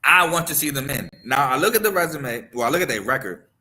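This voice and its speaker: A man's voice: mid-range voice, lively intonation, quick pace, sharp tone. A man hosting a sports talk show, giving his picks and opinions in a loose, conversational way and often tossing in "man" as he goes. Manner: loose, conversational, repeats himself and drops in "man"; gives picks and opinions in a confident, offhand way. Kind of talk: casual sports talk commentary.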